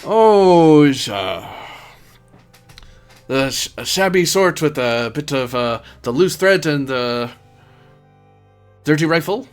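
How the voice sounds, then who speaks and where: Over soft background music, a man voices a jolly, chatty, middle-aged foreign hunter with a put-on accent who ends remarks with questioning tags. His mid-range voice is a bit bright, with lively intonation and a measured pace.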